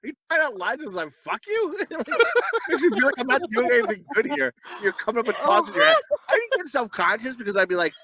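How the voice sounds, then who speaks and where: A man's voice: very high voice, big pitch swings, fast talker, crowd noise. A middle-aged man co-hosting a podcast, rambling through profane anecdotes with laughing asides. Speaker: podcast co-host. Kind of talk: crude casual podcast banter.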